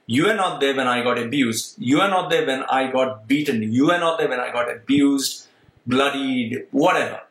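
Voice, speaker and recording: A man's voice: medium pitch, normal speed, fairly bright tone. A middle-aged man speaking bluntly and emphatically straight to his viewers, often repeating himself. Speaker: vlogger. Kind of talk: candid monologue to viewers. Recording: roomy echo.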